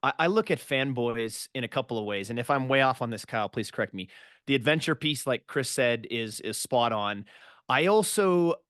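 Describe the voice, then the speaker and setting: A man's voice: medium pitch, lively intonation, normal speed, fairly bright tone, no room sound, studio quality. A man hosting a podcast, sharing a thoughtful take and restarting his sentences as he goes. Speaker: podcast host. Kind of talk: casual chat.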